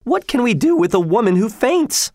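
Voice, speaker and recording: A man voicing a fussy, easily alarmed mother in a storybook, with high, exclaiming lines. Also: big pitch swings, moderate pace, darkish tone, dry recording, studio quality, heavily acted.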